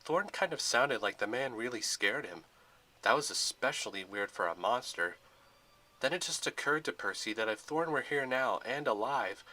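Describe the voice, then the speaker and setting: A male narrator reads a fan-made adventure film in a plain storytelling style. His voice is bright and sharp, pitched in an ordinary middle range.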